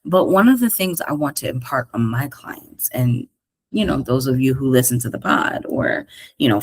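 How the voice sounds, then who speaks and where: A woman with a New York accent who hosts a podcast as a career coach, talking to listeners in a casual, slangy, animated way. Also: low-pitched, husky, dry recording. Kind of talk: casual solo podcast monologue.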